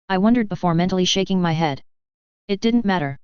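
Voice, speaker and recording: A woman narrating a first-person story in a steady, even reading voice. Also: fairly low pitch, brisk, clean tone, dry recording. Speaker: fan fiction reader. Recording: dry, slightly dull lo-fi recording.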